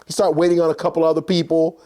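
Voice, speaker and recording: A fast-talking man with a strikingly high-pitched voice tells a personal story, keeping it relaxed and conversational yet animated. He slips into characters' voices and peppers his telling with many casual fillers.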